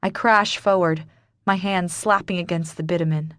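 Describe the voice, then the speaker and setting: A woman's voice: fairly low pitch, fairly even intonation, moderate pace, fairly bright tone, no echo, clean studio sound. Emotional female audiobook narrator. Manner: emotional, intimate, dramatic. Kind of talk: first-person romance audiobook narration.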